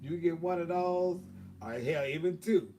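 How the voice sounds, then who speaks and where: A man's voice: on the high side, measured pace, mellow, far from the mic, a little hiss or hum. A man telling a long story on his own live stream, casual and profane, with lots of fillers. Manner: profane, drawling, chatty with many fillers. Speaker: livestream host.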